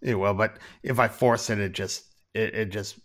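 A man's voice: lowish voice, steady tone, moderate pace, fairly bright tone. A man from Minnesota, a photographer, talking as a podcast guest with dry, self-deprecating humor. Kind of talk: casual interview chat.

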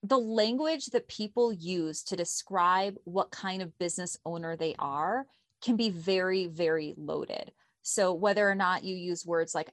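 Chatty american lady hosting a podcast, upbeat and loud, dry sound. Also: lowish voice, moderate pace, no echo. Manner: lively, talkative, self-described loud extrovert. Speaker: podcast host. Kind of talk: casual podcast chat, teaching pitching.

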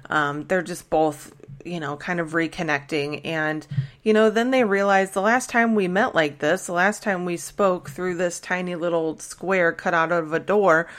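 A woman with a notably low voice talks casually as a podcast host, retelling a TV episode scene by scene. She rambles a little, with many fillers and restarts. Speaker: podcast host recapping a TV show. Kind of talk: casual recap chat.

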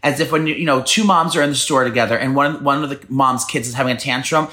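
A man in his thirties rattles off a gossipy story at a quick clip. He co-hosts a casual podcast and keeps slipping into other people's voices as he tells it. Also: medium pitch, sharp tone. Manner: rapid gossipy storytelling, acts out quotes. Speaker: podcast co-host.

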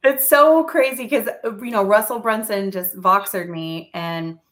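A woman's voice: mid-range voice, a little slow, a bit bright. Woman podcast guest, sincere and thankful, conversational. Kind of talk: casual interview chat.

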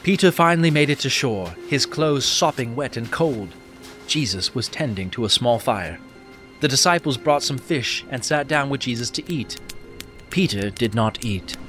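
Brief: earnest male narrator of a Bible story, steady delivery over music. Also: mid-range voice, moderate pace.

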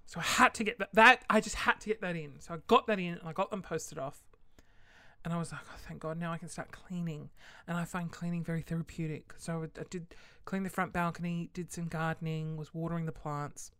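A woman's voice: fairly low pitch, steady tone, a little fast, sharp tone, no room sound. Chatty, exasperated young woman. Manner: chatty and exasperated, often laughing mid-sentence. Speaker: small online shop owner. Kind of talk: casual chat to camera.

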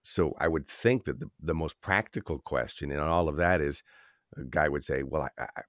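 A man hosting a podcast interview, asking questions in a relaxed, conversational way. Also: a bass voice, moderate pace, no echo, clean studio sound. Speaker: podcast host. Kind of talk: casual interview.

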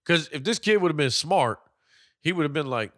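Bright-voiced joking man. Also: fairly high pitch, lively intonation, fairly quick. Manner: profane, joking, laughs often, acts out silly voices. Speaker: podcast co-host. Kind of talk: casual movie riff chat.

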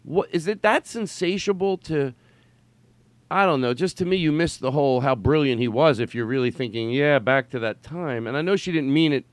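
In a casual chat on his podcast, the host talks emphatically and rambles, dropping the occasional swear word. His voice is mid-range, and the audio carries no room sound.

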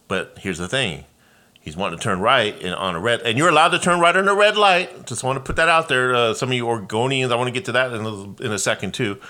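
A man from Los Angeles hosting his own podcast, ranting in a profane, animated way. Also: lowish voice. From Los Angeles, USA. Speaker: podcast host. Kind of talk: casual solo rant.

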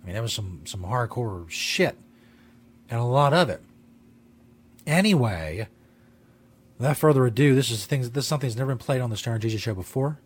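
A man's voice: mid-range voice, expressive, a little fast, pauses often, slightly rough. A male talk-show host rambling casually and profanely, laughing at his own jokes, in a studio.

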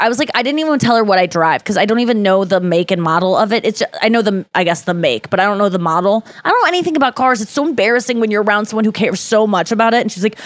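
A young adult woman telling a long, meandering story on a podcast, with lots of "like" and jokes at her own expense. Her voice sits at an ordinary pitch for a woman. The sound is dry and close, with no room echo. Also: lively intonation, racing, hardly any pauses. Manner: rambling, self-deprecating, lots of "like". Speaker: podcast host. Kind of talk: casual storytelling chat.

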